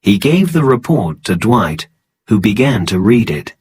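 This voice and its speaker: Slow, husky male storybook narrator. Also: lowish voice, very animated, darkish tone.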